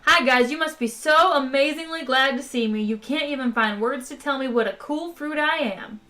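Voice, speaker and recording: A boastful, swaggering male adventurer, as a woman reading aloud puts him on. He talks loudly and cockily, and the voice rides high. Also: moderate pace. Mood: brash. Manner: loud, cocky, shouting.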